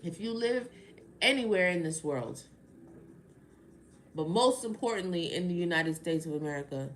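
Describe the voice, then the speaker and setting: A woman's voice: fairly low pitch, animated, moderate pace, pauses often. A woman who hosts a tarot live stream, ranting in a heated, exasperated and sarcastic way, firing off rhetorical questions at her viewers. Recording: roomy live-stream audio with faint background noise.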